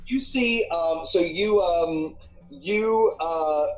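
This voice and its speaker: A game master narrating a tabletop game, pausing often with ums and restarts. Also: medium pitch, a little mellow, poor audio.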